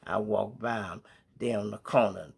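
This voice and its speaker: A man's voice: lowish voice, moderate pace, creaky, slightly rough. A middle-aged man from Chicago with a Chicago accent, telling street stories to his viewers in slang-heavy casual talk. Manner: animated storyteller acting out sounds and voices.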